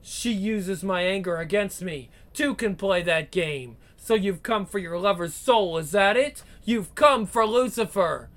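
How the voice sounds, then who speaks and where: A woman playing a cruel, seductive vampire queen, drawling every taunt slowly in a bright, tense voice. She gloats and menaces like a comic book villain read aloud, breaking into growls. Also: mid-range voice, natural voice. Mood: gloating. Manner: slow, taunting, theatrical delivery with growls.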